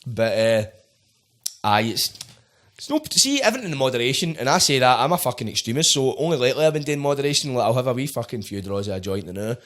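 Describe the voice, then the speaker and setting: A man's voice: medium pitch, lively intonation, fast talker, a bit bright. A Scottish man in his late twenties hosting a podcast, chatting casually in a blunt, sweary, bantering way. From Scotland. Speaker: podcast host. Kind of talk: casual chat.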